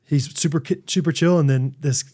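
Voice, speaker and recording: A young man co-hosts a podcast in relaxed, casual chat. His voice sits a little high for a man. He tells stories with energy, laughs a lot and acts out what people said. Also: a little fast. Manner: animated storytelling, laughs often, acts out quotes. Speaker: podcast co-host.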